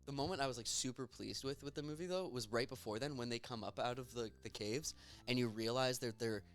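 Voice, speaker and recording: A man's voice: medium pitch, a little fast. Casual young man chatting about movies. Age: young adult. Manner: animated, joking, fillers like "like". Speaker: podcast host. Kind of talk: casual chat.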